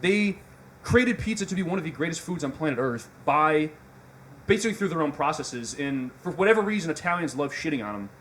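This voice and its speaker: A man's voice: on the high side, lively intonation, a bit bright, slight background noise. A young man with a Midwestern accent ranting on a casual podcast, swearing and laughing as he makes his point. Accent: Midwestern American. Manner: fast, swearing, laughing, emphatic. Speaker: podcast host.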